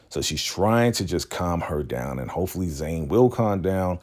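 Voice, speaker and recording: Man, very low voice, casual show recap, animated storyteller. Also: moderate pace, hardly any pauses. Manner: animated storytelling, slips in laughs and acted-out quotes. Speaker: YouTube recap host.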